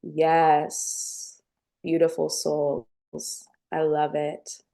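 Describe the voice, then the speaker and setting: A woman hosting a live-streamed spiritual talk, gentle and affectionate as she speaks to her viewers and reads their chat. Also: low voice, completely flat delivery, drawn-out words, creaky. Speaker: spiritual channel host.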